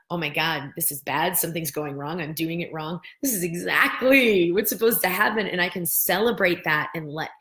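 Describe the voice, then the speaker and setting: A middle-aged woman hosting a live wellness stream, gently guiding listeners through breathing and answering viewer comments. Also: low voice. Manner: gentle, guides listeners through breathing, acts out worried voices.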